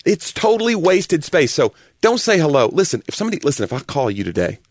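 Animated Southern man ranting. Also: a little high, fast, dry recording, studio quality. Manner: animated, ranting, builds to exasperated. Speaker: comedian and podcast host. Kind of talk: casual chat.

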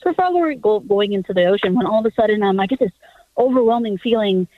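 A woman's voice: medium pitch, expressive, fast, dry recording. A woman from Texas calling into a radio show, eagerly telling a personal story. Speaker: radio caller. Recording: tinny phone line.

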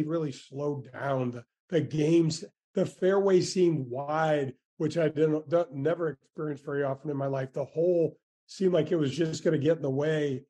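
A man in his sixties, a former tour golfer, telling stories in a casual interview with lively warmth and frequent restarts. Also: on the high side, breathy edge. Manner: animated, grateful storyteller with many restarts.

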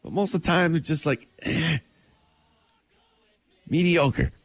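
A man's voice: a little high, slow pace, no echo. A man co-hosting a radio show, reading sports news in a laid-back way and laughing often. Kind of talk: casual radio banter. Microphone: studio mic.

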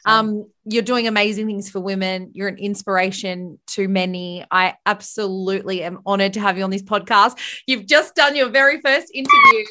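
Bubbly bright-voiced woman podcast host. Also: mid-range voice, normal speed. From Australia. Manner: bubbly, effusive, laughs often. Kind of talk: casual podcast interview.

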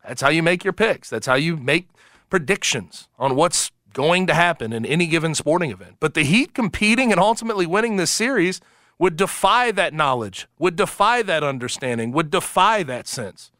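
A man hosting sports talk radio, animated and emphatic, quick to laugh. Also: fairly high pitch, no room sound, clean studio sound. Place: radio studio.

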